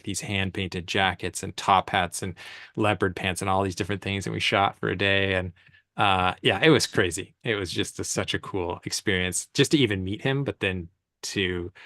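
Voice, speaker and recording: Laid-back man telling stories, low voice. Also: no echo, clean studio sound. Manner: animated, laughing, slangy storyteller. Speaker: commercial photographer guest. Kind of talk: casual storytelling conversation. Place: event space on stage.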